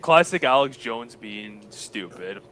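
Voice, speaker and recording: A man's voice: medium pitch, expressive, slow, noisy background. A man co-hosting a podcast, chatting casually and crudely while reacting to a clip. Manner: laid-back, agreeing, crude. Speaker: podcast co-host.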